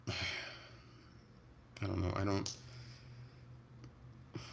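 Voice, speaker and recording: Young guy livestreaming on his phone, deep gravelly voice, swears a lot, rambling chat. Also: extremely slow, a little hiss or hum. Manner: chatty, profane, animated ranting. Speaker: livestream host. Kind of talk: casual livestream chat reading comments.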